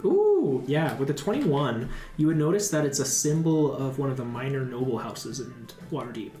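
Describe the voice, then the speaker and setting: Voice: mid-range voice, big pitch swings, normal speed, dark tone, faint music behind. Rambling, hesitant dungeon master in an echoey room. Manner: rambling, many fillers and restarts. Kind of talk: narrating a tabletop game.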